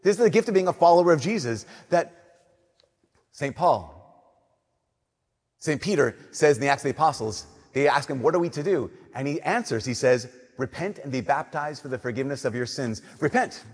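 A young man, a Catholic priest, giving an earnest, conversational homily that drops to soft emphasis. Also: fairly high pitch, lively intonation, brisk, slightly rough. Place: church. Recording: long church reverb.

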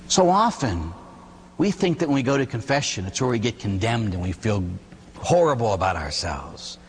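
A man, a Catholic priest, preaching a sermon with animated, emphatic delivery and storytelling. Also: on the low side, normal speed, long reverb tail, a little hiss or hum.

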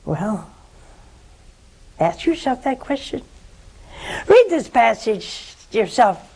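An older woman speaks slowly and gently as a nun hosting a religious call-in program. She counsels with tender, pleading warmth and lingers on her words. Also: fairly high pitch, very animated, slightly rough, poor audio. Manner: slow, tender, preaching.

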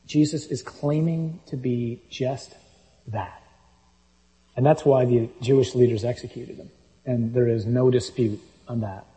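A man's voice: mid-range voice, mellow, rough recording. A man preaching a sermon, reading scripture aloud and making his points with emphatic, punchy delivery.

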